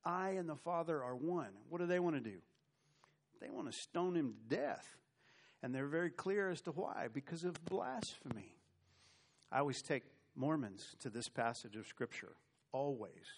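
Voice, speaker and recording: A middle-aged man preaching a sermon with animated swings between loud and soft, with humorous asides. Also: mid-range voice, normal speed, creaky, slightly rough. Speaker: pastor.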